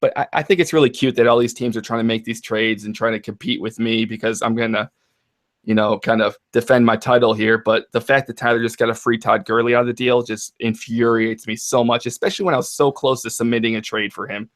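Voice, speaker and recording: A man co-hosting a casual fantasy football podcast, ranting in an animated, profane way. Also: medium pitch, fast. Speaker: podcast co-host.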